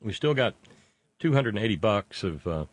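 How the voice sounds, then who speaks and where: A man's voice: lowish voice, very animated, normal speed, no room sound. A man hosting a live radio talk show from a studio, chatting casually in a blunt, jokey way.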